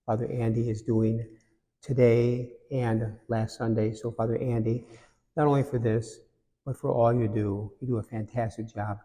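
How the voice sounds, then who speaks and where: A male priest gives a homily in a relaxed, conversational way, mixing jokes with reflection. His voice is mellow and mid-pitched, and it rings with the long reverb of a large cathedral. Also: moderate pace.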